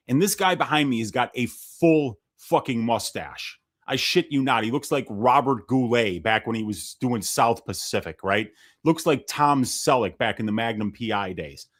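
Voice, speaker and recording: A middle-aged man tells a rambling story on a podcast in casual, profane chat. He jumps into the voices of the people he quotes and keeps the telling lively. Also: medium pitch. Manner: animated storyteller, swears freely, acts out quoted people. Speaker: podcast co-host.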